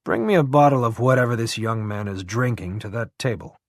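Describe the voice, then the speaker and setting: A man doing a gruff older colonel. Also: mid-range voice, animated, fairly quick, no echo, clean studio sound, close to an everyday voice. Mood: brusque. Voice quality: dusty, hawking throaty voice. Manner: clipped commands, blunt. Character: gruff older male army colonel, brusque.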